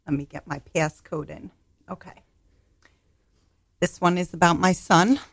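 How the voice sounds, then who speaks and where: A woman playing a deadpan mother in a comedic radio bit, with a dry, understated delivery. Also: lowish voice, unhurried, no room sound. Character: deadpan mother of a grown son.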